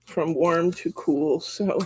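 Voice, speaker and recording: A man's voice: fairly high pitch, steady tone, takes it slowly, breathy edge. A man hosting a live craft demonstration in a chatty way, laughing often and greeting viewers by name. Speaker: craft class host. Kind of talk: live craft demo chat.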